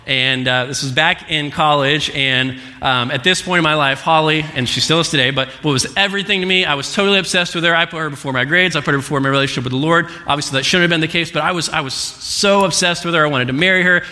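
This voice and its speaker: Young preacher in a reverberant hall. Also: male voice, on the high side, bright, forceful tone. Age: 20s. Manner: earnest storytelling with halting restarts. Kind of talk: sermon.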